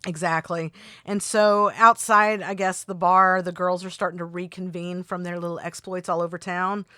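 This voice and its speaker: A woman with a bright, forceful voice chats casually as a podcast co-host. She rambles through a film recap, trading jokes. The sound is close and dry, with no room behind her. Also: on the low side, little pitch movement, moderate pace, dry recording. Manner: rambling, jokey, retells scenes with quoted voices. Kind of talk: casual movie recap chat.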